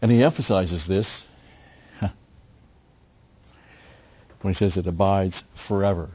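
A man's voice: low voice, slow pace, mellow, breathy edge, lo-fi sound. An older man teaching a Bible study lecture in a rambling, conversational way full of asides.

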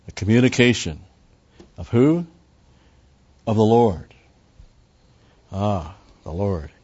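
A man's voice: lowish voice, warm tone, muffled recording. An older man teaching a Bible study lecture in a rambling, conversational way full of asides.

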